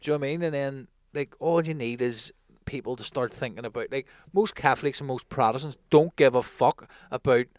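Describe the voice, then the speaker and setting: Smooth-voiced Northern Irish man chatting. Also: medium pitch, fairly quick, few pauses, no room sound, clean studio sound. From Northern Ireland. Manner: blunt, swearing, says mate a lot. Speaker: podcast co-host. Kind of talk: casual chat.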